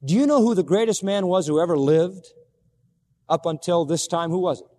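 High-voiced man preaching a sermon. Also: moderate pace, mellow, in a large hall. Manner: emphatic, repeats key words, asks the audience questions. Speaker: pastor.

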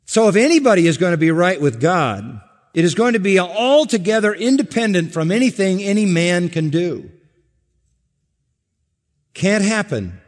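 A man with a slightly raised pitch preaches an expository sermon, repeating key phrases and rising to loud emphasis before dropping to a hushed tone. His voice rings out with a long hall reverb, as in a church sanctuary. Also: sing-song, normal speed. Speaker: pastor.

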